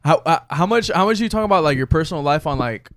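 A young man hosting a casual quiz among friends, easygoing and quick to laugh. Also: a little high, expressive, fairly bright tone, dry recording. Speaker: quiz host. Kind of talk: casual game show hosting. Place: room shared with friends.

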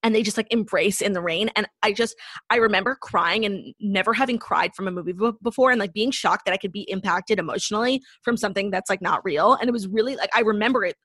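A young woman co-hosting a podcast in casual chat, talking with lots of "like" and telling stories in an animated way. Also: mid-range voice, quick pace, no echo. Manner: chatty, lots of "like", animated storytelling. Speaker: podcast co-host.

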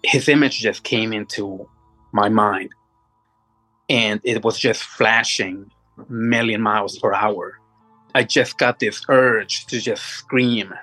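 A man telling a personal supernatural story as a guest, halting and restarting often, audibly moved as he talks. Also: lowish voice, bright, forceful tone, soft background music, poor audio. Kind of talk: emotional first-person storytelling.

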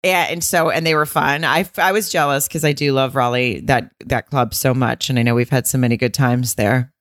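A woman comedian co-hosting a podcast in casual, teasing chat, quick to laugh. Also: very deep voice, fairly even intonation, dry recording, studio quality.

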